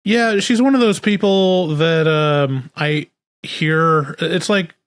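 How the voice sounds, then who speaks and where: A man co-hosting a podcast, thinking aloud in a relaxed, casual chat about movies. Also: a little high, slow, clear, resonant tone, no room sound, studio quality. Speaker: podcast co-host.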